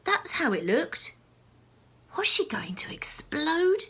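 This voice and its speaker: Slow, expressive woman reading a story. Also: high-pitched. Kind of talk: children's story read-aloud.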